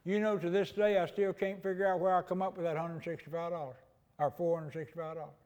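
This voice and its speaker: An older male pastor with a high-pitched voice preaches in a folksy, storytelling way. His words ring out with a long reverb, as in a church hall. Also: level tone, quick pace, a little mellow. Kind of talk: sermon.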